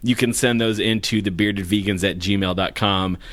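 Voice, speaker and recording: A man with a fairly low voice co-hosts a casual podcast chat. He runs through announcements in an upbeat, joking way. The sound is dry and close to the mic. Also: steady tone, normal speed, a bit bright, no echo. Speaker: podcast co-host.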